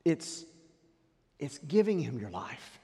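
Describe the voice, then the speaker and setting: A pastor preaching a sermon, swinging dramatically between loud declarations and hushed asides. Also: male voice, fairly high pitch, sing-song, slow, vocal fry. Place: church sanctuary. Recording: long reverb of a church hall.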